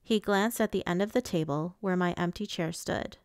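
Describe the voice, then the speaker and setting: A woman narrating a novel in the first person with a measured, even storytelling manner. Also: lowish voice, clear, resonant tone, dry recording, studio quality. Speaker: audiobook reader.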